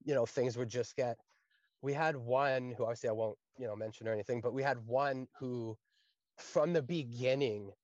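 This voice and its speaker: A man in his thirties, an infantry private, telling stories from training in a casual, animated way, acting out quotes and swearing freely. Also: mid-range voice, moderate pace, no room sound, muffled recording. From Canada. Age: 30s. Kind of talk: casual storytelling chat.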